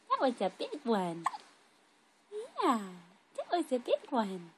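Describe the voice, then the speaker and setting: A woman's voice: fairly high pitch, huge pitch swings, unhurried, long pauses, very noisy. A mother cooing in sing-song baby talk to her infant son, recorded on a phone at home. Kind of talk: talking to a baby.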